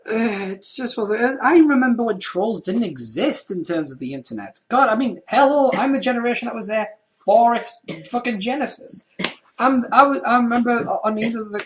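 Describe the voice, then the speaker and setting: A man's voice: extremely high pitch, lively intonation, brisk, fairly bright tone. Young male co-host, brash and sweary, self-mocking, faint background noise. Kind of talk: casual podcast banter.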